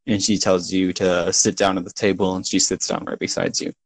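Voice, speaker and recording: A man narrating as game master of a tabletop game, relaxed and full of fillers. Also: low voice, a little fast, poor audio.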